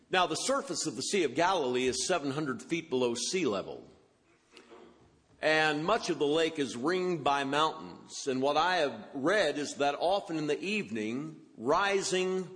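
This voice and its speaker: Male preacher, slightly high voice, expository sermon in a reverberant hall. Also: a bit bright. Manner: expository, quotes scripture with rising emphasis.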